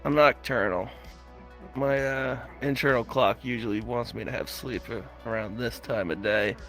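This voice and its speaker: Hoarse, gravelly young man. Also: mid-range voice, normal speed, a bit bright, soft background music. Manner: joking, sardonic, crude banter. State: hoarse, tired. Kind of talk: casual voice chat role-play.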